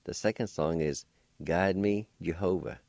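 A middle-aged man hosts a radio language lesson, spelling out each word letter by letter. His voice sits very low and mellow, and he takes his time. The sound is close and dry, as from a radio studio. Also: no echo. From Oklahoma. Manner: slow, deliberate, spells and sounds out words syllable by syllable. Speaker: radio host teaching vocabulary.

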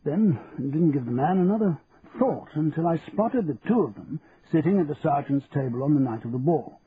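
A man narrating in first person as a reflective, measured retired army colonel, over a tinny line with faint hiss. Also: fairly high pitch, expressive, crowd noise, lightly acted. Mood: musing.

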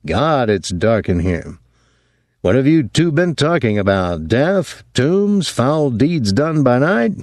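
A man's voice: medium pitch, sing-song, slow, a little mellow, no room sound, clean studio sound, voice pushed up. A man doing a breezy jovial husband. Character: short hearty husband, jovial drinker.

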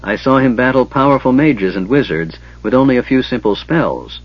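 A man voicing a big, loyal male warrior with a husky voice. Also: medium pitch, lively intonation, normal speed, lightly acted. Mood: earnest. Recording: dull lo-fi recording.

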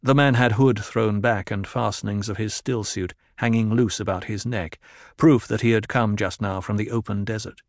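A man in scripted audiobook narration, telling the story in a measured, even way. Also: fairly low pitch, no room sound, studio quality.

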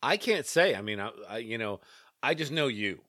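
A man with a mid-pitched, animated voice leads a casual podcast chat. He is Southern and teases the others with easy laughter. The sound is close and dry. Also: moderate pace, no echo. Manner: teasing, laughs easily.

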